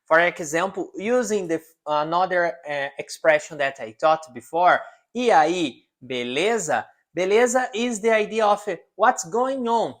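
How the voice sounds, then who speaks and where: A man from southern Brazil with a southern Brazilian accent, teaching Portuguese to beginners in English, drilling words slowly and tagging his points with "okay?". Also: high voice. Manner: repeats words slowly for the learner and tags lines with "okay?". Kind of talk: beginner language lesson.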